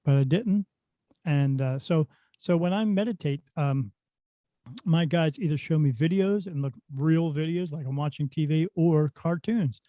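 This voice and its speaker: A middle-aged man, a spirit medium guest on a podcast, telling stories in a lively, casual way. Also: fairly high pitch, a little slow, no echo. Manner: animated storyteller who acts out dialogue. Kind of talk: casual storytelling in a podcast interview. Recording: dull, dry lo-fi sound.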